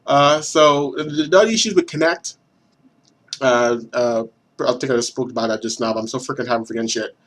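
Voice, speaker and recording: A young man ranting excitedly to his viewers as a gaming vlogger, animated and swearing, with lots of stumbling restarts. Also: medium pitch, a little fast. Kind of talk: excited rant to camera.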